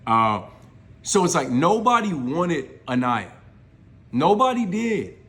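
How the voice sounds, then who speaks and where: A man's voice: on the high side, sing-song, takes it slowly, bright, forceful tone. Guy ranting through a reality show recap, blunt, says y'all and bro a lot. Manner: exasperated, blunt, uses slang like y'all and bro.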